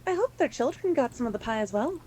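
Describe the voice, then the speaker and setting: A woman taking part as a player in a tabletop role-playing game, making quick, bemused remarks. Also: a little high, sing-song, mellow, slight background noise, poor audio.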